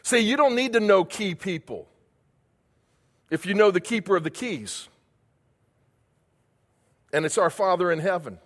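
A man's voice: high-pitched, animated, unhurried, long pauses, fairly bright tone, big-room sound. A male pastor delivering a sermon, building emphasis with repeated phrases and questions to the congregation.

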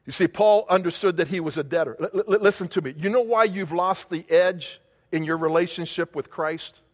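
A man's voice: sits high, moderate pace. An older man preaching a sermon as a pastor, emphatic, repeating key phrases and asking rhetorical questions. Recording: long reverb of a large hall.

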